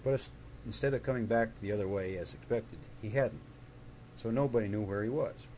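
A man gently reading a children's storybook aloud in a soft, unhurried way. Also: fairly low pitch, slight background noise, rough recording. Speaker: narrator.

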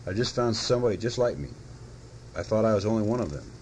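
A man's voice: lowish voice, lively intonation, fast talker, a little mellow, slight background noise, lightly acted. A man voicing a cheerful, bouncy young tiger in a storybook reading, matter-of-fact and sure of himself.

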